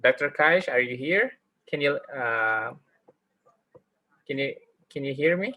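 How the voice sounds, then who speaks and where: A man's voice: mid-range voice, expressive, unhurried, sharp tone, low-quality recording. A man moderating an online webinar, passing on questions with many hesitant fillers.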